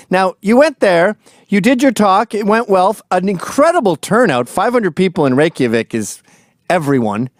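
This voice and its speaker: A man's voice: sits high, sing-song, normal speed, dry recording. Wry man hosting with a dry sound. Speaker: host. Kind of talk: casual interview chat.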